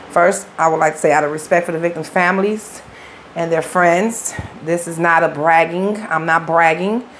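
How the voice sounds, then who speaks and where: A woman's voice: fairly low pitch, slight background noise. Blunt, profane woman telling her story. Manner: blunt, profane street talk. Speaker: interview guest. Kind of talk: candid storytelling interview.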